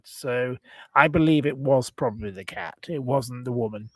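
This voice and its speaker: A man hosting a casual livestream talk, indignant and rambling as he jumps from complaint to apology. His voice sits a little high, and the recording is close and dry. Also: moderate pace, a little mellow, no room sound. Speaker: channel host. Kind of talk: ranting livestream chat.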